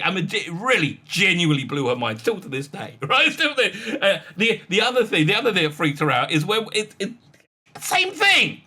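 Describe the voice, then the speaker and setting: A middle-aged host riffs on an article in loose, casual commentary. His voice is bright and fairly high, and his pitch swings widely. He stammers through fillers and restarts and laughs often. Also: big pitch swings, moderate pace. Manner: rambling, many fillers and restarts, frequent laughs.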